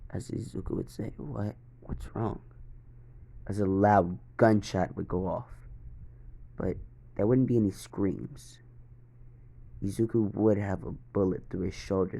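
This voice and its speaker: Deep, gravelly male storyteller. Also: warm tone. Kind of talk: reading a fan fiction story.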